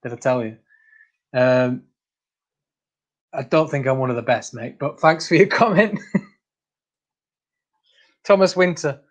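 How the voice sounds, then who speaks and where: A man's voice: medium pitch, unhurried, long pauses. A man hosting a casual livestream, reading out viewer comments, laughing often and calling people mate. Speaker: channel host.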